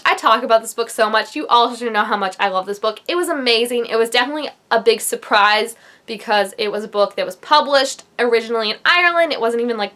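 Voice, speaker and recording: A woman's voice: a little high, sharp tone. Gushing, chatty young woman book vlogger. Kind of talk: casual book review vlog.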